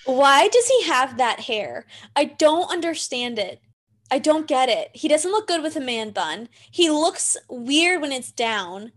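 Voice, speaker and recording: Brief: young-sounding woman, high voice, blunt and giggly co-host. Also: very animated, a little slow. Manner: blunt opinions, frequent laughter. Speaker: podcast co-host. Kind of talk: casual reality-TV recap chat.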